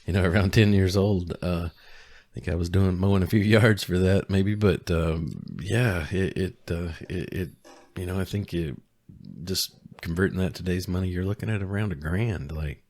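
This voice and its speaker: A middle-aged man with a very deep, low voice chats casually as a podcast co-host. He talks haltingly, restarting sentences and leaning on fillers. The sound is dry and close, with no room around it. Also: a little mellow, no room sound. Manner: hesitant, many restarts and fillers. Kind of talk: casual chat.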